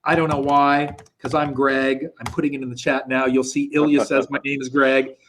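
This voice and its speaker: A man's voice: medium pitch, little pitch movement, normal speed, a bit bright. A man from the United States co-hosting a live online interview show, chatty and prone to self-corrections. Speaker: co-host. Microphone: video call.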